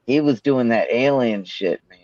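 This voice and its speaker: A man's voice: mid-range voice, normal speed, highs cut off, over a noisy crowd. A man chatting on a podcast, telling stories full of swearing. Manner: profane, animated storytelling. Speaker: podcast co-host. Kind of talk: casual chat.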